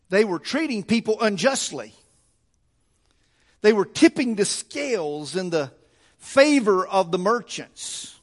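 A man's voice: high voice, sing-song, takes it slowly, long pauses. A male pastor preaching a sermon in a church, emphatic and repetitive, often restarting his sentences. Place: church sanctuary. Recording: long church reverb.

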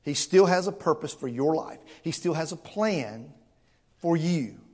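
A man with a notably high speaking voice delivers a church sermon. He preaches earnestly and emphatically, stumbling over repeated words and pressing the congregation with rhetorical questions. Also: animated, a little slow, a little mellow. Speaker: pastor.

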